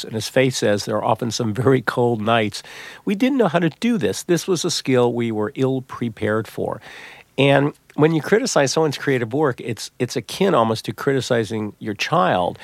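Gravelly middle-aged man telling stories. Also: medium pitch, dry recording. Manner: animated storyteller, many restarts and repeats. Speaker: guest, novelist and psychologist. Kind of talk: conversational interview.

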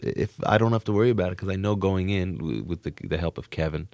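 A man from suburban New Jersey, a comedian being interviewed, who talks in a rambling, excitable way full of restarts. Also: low-pitched, fast talker, gravelly, no room sound. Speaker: comedian guest. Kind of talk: casual interview talk.

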